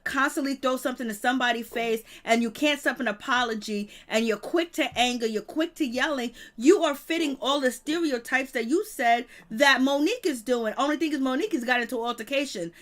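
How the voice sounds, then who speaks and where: Bright high-voiced woman, blunt co-host. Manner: blunt, emphatic, quick to laugh. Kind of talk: casual recap chat.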